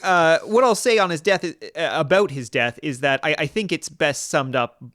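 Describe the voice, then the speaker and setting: A man hosting a political podcast, talking in an earnest, halting way with many restarts and fillers. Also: a little high, a bit bright, no echo, clean studio sound. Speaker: podcast host.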